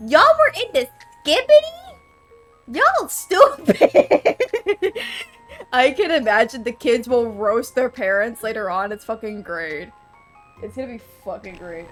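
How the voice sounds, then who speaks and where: A woman's voice: a little high, fairly bright tone. A young woman in her twenties rambling casually and profanely while streaming a game, laughing often. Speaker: VTuber streamer. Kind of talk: casual live-stream chat while gaming.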